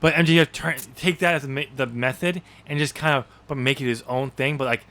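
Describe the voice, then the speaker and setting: A man's voice: mid-range voice, fairly even intonation, brisk, sharp tone. A man co-hosting a podcast in casual chat, rambling with lots of ums and easy laughs. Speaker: podcast co-host.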